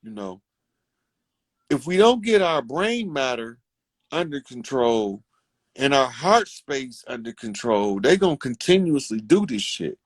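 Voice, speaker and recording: A man's voice: medium pitch, big pitch swings, a little slow, no echo. A man giving a casual, preachy monologue to his community, fervent and profane as he lectures his listeners. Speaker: online speaker addressing his community.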